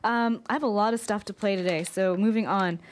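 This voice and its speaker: Female radio host, loose conversational delivery, mid pitch. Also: brisk. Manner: relaxed, with fillers and self-corrections. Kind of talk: casual radio chat.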